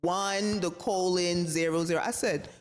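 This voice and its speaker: A woman's voice: on the low side, normal speed, a crowd in the background. A woman guest on a podcast telling a personal story in a casual, slangy and profane way, acting out the voices of the people in it. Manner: animated, acts out quoted voices, slangy and profane. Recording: reverberant room with faint noise.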